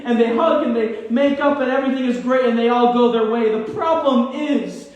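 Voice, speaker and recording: A male pastor preaches with a notably high voice, swinging between loud emphasis and near-whispered points. He sounds distant, as if miked from afar in a large, echoing church sanctuary. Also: normal speed, few pauses. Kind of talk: sermon. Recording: echoey church from far off.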